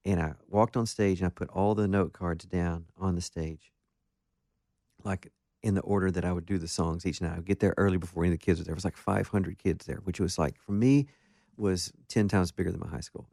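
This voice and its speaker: A man, a guest musician, telling stories in a casual interview in an animated, self-deprecating way, with many restarts. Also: low-pitched, brisk, creaky, no echo, clean studio sound.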